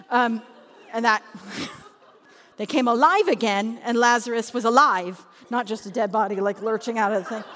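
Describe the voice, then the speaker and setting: A woman speaking about children's ministry, telling lively anecdotes with frequent laughter. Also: high-pitched, long reverb tail. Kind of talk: storytelling talk.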